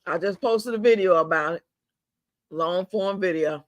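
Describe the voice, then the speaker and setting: Fuming older man venting, high voice. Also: normal speed, no echo, clean studio sound. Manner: fuming, profane, repeats himself, drawls some words out. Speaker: livestream host. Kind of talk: angry venting live stream. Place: at home.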